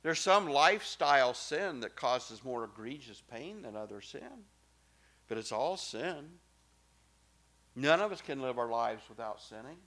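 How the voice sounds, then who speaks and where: Bright-voiced male pastor preaching. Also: medium pitch, lively intonation, a little slow. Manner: emphatic preaching, swinging from soft to loud. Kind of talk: sermon.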